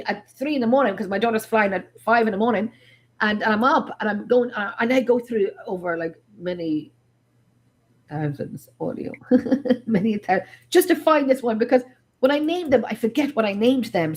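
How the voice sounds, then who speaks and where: Excitable Irish woman, animated chat. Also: on the high side. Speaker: paranormal investigator host. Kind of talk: casual chat.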